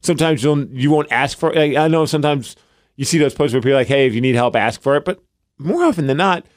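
A man's voice: a little high, quick pace, no echo. Male podcast co-host, 30s, loose rambling storyteller, dry studio sound. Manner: rambling, animated storytelling with many fillers. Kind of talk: casual chat.

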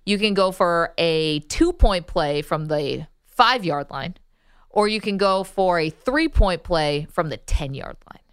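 A woman's voice: fairly low pitch, animated, measured pace, clean tone, dry recording, clean studio sound. A woman hosting a sports talk radio show, playful and opinionated in casual banter. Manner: playful, opinionated, laughs easily.

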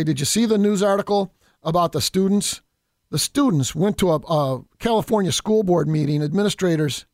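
A man's voice: high voice, a little mellow, no room sound, studio quality. A man delivering an indignant political opinion monologue as a radio commentator, emphatic and addressing listeners as folks.

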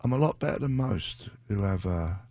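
A man's voice: expressive, fairly quick, no echo. Older male radio DJ, rambling. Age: 60s. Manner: rambling, joking, drops into a sudden high shouting bit. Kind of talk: casual radio chat. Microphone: studio microphone.

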